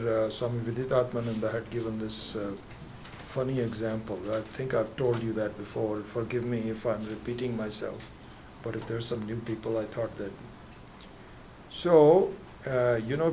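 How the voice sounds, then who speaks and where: A man's voice: on the low side, a little hiss or hum. A man teaching a class on scripture, speaking conversationally with many fillers and asides. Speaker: spiritual teacher. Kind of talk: lecture with a told joke.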